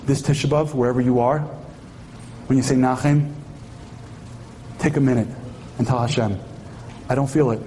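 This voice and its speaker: A man's voice: medium pitch, fairly even intonation, normal speed, pauses often, warm tone, a little hiss or hum. A man giving an impassioned sermon-like speech at a memorial tribute, firing rhetorical questions at the audience and weaving in Hebrew terms.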